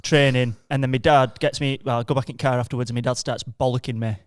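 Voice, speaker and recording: A man's voice: medium pitch, steady tone, fast talker, clear, resonant tone, no room sound, studio quality. A man co-hosting a podcast, chatting casually and acting out the people in his stories. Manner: storytelling, acts out the people he quotes. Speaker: podcast co-host. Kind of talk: casual chat, anecdotes.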